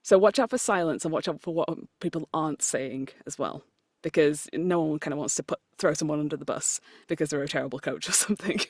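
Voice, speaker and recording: A woman's voice: low voice, quick pace, few pauses, darkish tone, dry recording, studio quality. A British woman, a voice actor and coach, talking casually as a podcast guest, chatty and self-deprecating, laughing often and stumbling over her lines. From United Kingdom. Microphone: remote call recording.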